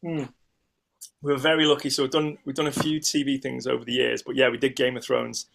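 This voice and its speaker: Guy, middle-aged, rambly animated podcast stories, keeps restarting and doing voices. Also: mid-range voice, fairly quick, creaky. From United Kingdom. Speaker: guest, ice sculptor. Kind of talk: casual interview storytelling.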